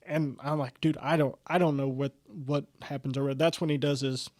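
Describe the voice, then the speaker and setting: A man's voice: mid-range voice, fairly even intonation, fairly quick, darkish tone, dry recording, studio quality. A man co-hosting a podcast, telling a hunting story in a rambling, profane way, full of fillers. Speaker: podcast co-host. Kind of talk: casual storytelling chat.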